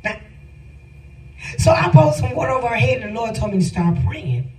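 A woman's voice: a little high, big pitch swings, a little fast, a little mellow. A middle-aged woman telling a personal testimony with feeling, speaking emphatically and addressing her listeners directly. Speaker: storyteller giving a testimony. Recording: roomy sound from a distant mic with faint music.

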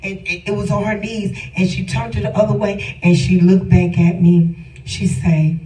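Speaking at a moderate pace with a steady, mellow, mid-range voice, a middle-aged woman tells her personal testimony. She is emotional and emphatic, talking straight to those listening. Faint music and a roomy, distant-mic sound mark the recording.

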